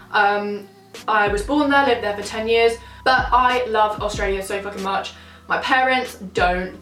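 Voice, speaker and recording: A young woman vlogger with a slightly high, somewhat bright voice chats casually while eating at a table, swearing a lot in a mukbang-style talk. The recording sounds roomy and distant, with faint music behind her.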